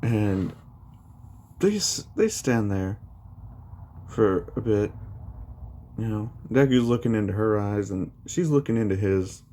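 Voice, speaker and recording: Slow, mellow-voiced man retelling a story. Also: fairly low pitch, animated. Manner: rambling, many fillers like "you know" and "like". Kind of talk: casual retelling of a fan story.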